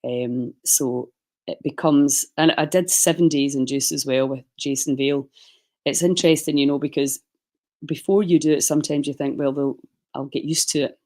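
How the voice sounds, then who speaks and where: A middle-aged woman giving casual, rambling livestream advice as a fasting and wellness coach, often correcting herself mid-sentence. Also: low-pitched, steady tone, dark tone. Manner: chatty, rambling, self-correcting.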